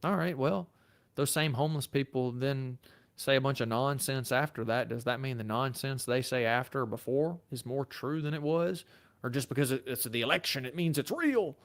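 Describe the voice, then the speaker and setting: Gravelly Southern man answering live chat. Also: mid-range voice, moderate pace. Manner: casual and chatty, thinks aloud with fillers and restarts. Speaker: lawyer hosting a livestream. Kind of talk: live Q&A, reading viewer comments.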